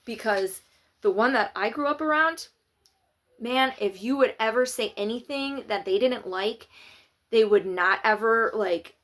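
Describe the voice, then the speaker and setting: A woman's voice: a little high, a little slow, fairly bright tone. A woman giving opinionated, sarcastic political commentary in a casual vlog. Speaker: political vlogger.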